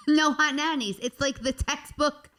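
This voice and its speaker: Brief: female podcast guest, high voice, chimes in quickly. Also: steady tone, pushed and bright. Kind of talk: casual chat.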